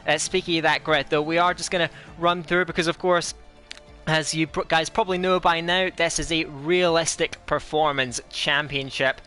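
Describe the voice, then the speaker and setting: A man commentating an online sim racing league, putting on a fake Scottish accent, chatty and energetic with many fillers. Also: on the high side, normal speed, soft background music. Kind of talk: esports race commentary.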